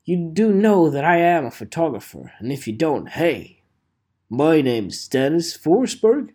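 A man's voice: a little high, dark tone. A man talking casually to his viewers as a photographer, rambling with wry, self-mocking asides. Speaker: photographer vlogger. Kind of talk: casual monologue to camera.

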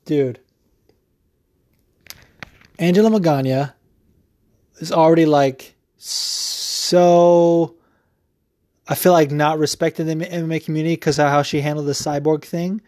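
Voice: medium pitch, measured pace, pauses often, dry recording. Dry, rambling podcast host. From United States. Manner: profane, rambling, animated with many fillers. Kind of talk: casual opinion rant.

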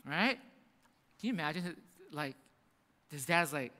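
A pastor preaches with a high, ringing voice, telling the story with lively acted-out voices. His sound carries a long reverb from a large hall. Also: measured pace, pauses often. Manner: animated storytelling, acting out voices in quotes. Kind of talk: sermon.

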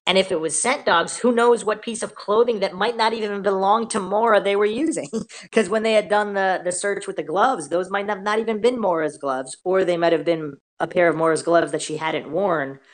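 A woman's voice: medium pitch, normal speed. A woman hosting a casual true-crime podcast, reading out reports and questioning them skeptically. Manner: questioning, skeptical, reads out articles and posts. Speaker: podcast host.

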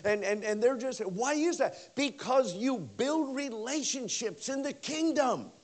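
High, lively-voiced male preacher. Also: measured pace, few pauses. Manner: animated preaching, swinging from loud bursts to hushed lines; conversational, with many repeats and "you know". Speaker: pastor. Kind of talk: revival sermon. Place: church service.

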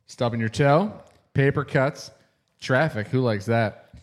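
A man on a podcast panel with a plain, mid-pitched voice. His humor is dry and wry. He questions the others in a deadpan way. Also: unhurried. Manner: wry, dry remarks, crude jokes. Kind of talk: casual podcast banter.

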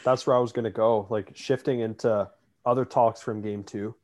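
A man's voice: fairly low pitch, normal speed. A man talking over a podcast table, fired up and ranting through a complaint. He leans on filler words and restarts, keeping it loose and conversational. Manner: animated, ranting, lots of "like" fillers. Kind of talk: casual sports chat.

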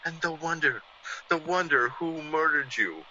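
An actor playing a vengeful, menacing ex-convict who sneers and gloats, in 1940s radio acting on a dull old radio recording. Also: male voice, fairly high pitch, moderate pace, noisy background, pitched above the performer's own voice, natural voice. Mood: gloating. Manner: sneering, theatrical villain with gloating laughs.

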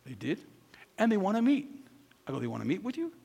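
A middle-aged man preaching, telling a personal story, acting out quotes and swinging between loud peaks and hushed asides. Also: high voice, huge pitch swings, quick pace, vocal fry, slightly rough, big-room sound. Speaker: pastor.

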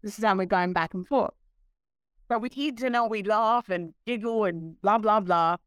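A woman in her sixties, a guest telling stories in a casual interview, animated and laughing, acting out what others said. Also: mid-range voice, normal speed, clean tone, no room sound. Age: 60s. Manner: animated, laughing, acts out quoted voices.

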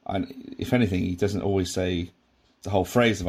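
A man with a very low voice talks through a sitcom episode. His commentary is casual and rambling, full of restarts and side remarks. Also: fairly even intonation, a little fast, a little mellow, slightly rough. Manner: rambling, with many restarts and asides. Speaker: podcast host reviewing a sitcom.

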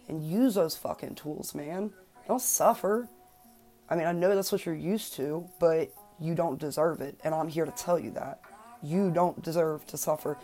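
A woman's voice: low-pitched, measured pace, a little mellow, faint music behind. A woman in her twenties hosting a personal self-help podcast, talking earnestly and emphatically and swearing freely. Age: 20s. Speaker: podcast host.

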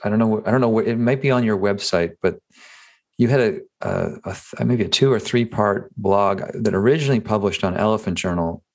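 A man with a low voice hosts a casual podcast interview. He stumbles and restarts his sentences often as he searches for words. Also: darkish tone. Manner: halting, many restarts and fillers. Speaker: podcast host.

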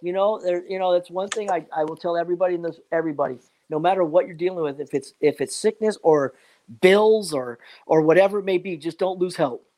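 Talking fast in a high, darkish voice, this man rambles cheerfully through a casual chat. He scatters fillers and motivational asides, leaning again and again on "man" and "you know what."

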